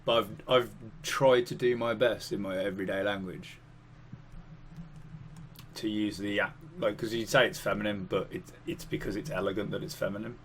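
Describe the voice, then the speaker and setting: A man's voice: on the low side, steady tone, normal speed, fairly bright tone, slight background noise. A man chatting casually on an art stream as a guest, blunt and wry with some swearing. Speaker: guest artist. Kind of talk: casual chat while drawing.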